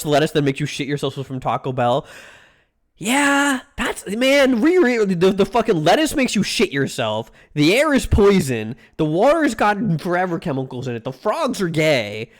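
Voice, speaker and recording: Young male streamer, casual live commentary, animated and ranting, pitch sits a bit high. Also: moderate pace. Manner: ranting, mock-outraged, swears freely.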